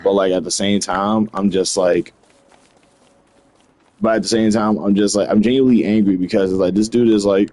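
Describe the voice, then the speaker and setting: Brief: male game streamer, low mellow voice, ranting, slangy, repeats himself. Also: steady tone, normal speed. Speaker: gaming video host. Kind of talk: casual commentary while playing a video game.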